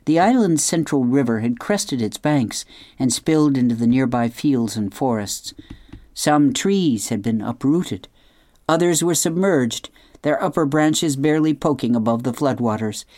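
A woman hosting a radio program, reading a children's novel aloud in an expressive, measured storytelling manner with hushed dramatic asides. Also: extremely low pitch, dry recording, studio quality. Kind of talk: scripted storybook narration.

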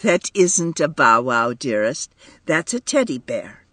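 A man reading aloud and voicing a proud, doting young mother who coaxes her child gently. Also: mid-range voice, sing-song, slow, dry recording, full character voice. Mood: coaxing. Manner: tender, gently coaxing. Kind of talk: audiobook reading.

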